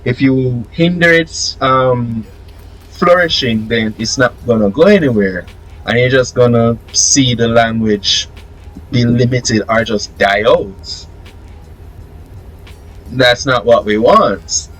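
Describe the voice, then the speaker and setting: A man's voice: medium pitch, slow pace, fairly bright tone, low-quality recording. A man in a casual podcast discussion, arguing his point with rhetorical questions. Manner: argumentative, building a case with rhetorical questions. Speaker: podcast host.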